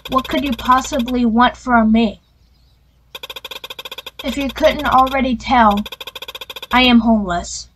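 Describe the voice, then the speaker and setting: A guilt-ridden homeless boy in a video game, read by a woman in a voice close to her own: a little high and slow, pleading and apologetic. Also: fairly even intonation, a bit bright, slight background noise, rough recording. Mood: mournful.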